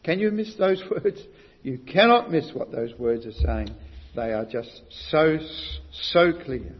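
Emphatic preacher in a reverberant hall. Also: male voice, a little high. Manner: rises to loud emphatic stresses, asks the listeners questions. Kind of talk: sermon. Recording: muffled recording with long hall reverb.

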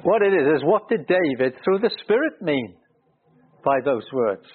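A male preacher works through scripture verse by verse, leaning hard on the words he wants heard. His voice is slightly husky. It comes over a thin, phone-like radio broadcast. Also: on the high side, very animated, moderate pace. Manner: earnest, rising emphasis on key words. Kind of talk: expository Bible teaching.

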